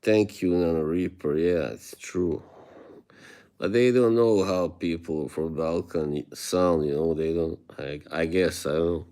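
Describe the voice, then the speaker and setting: A man with a Bosnian accent and a very low voice, talking slowly and easily as he answers viewers on a livestream. He chuckles often and lets his sentences trail off. He speaks into a phone held close to his face. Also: warm tone, clear, resonant tone. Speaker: livestream host.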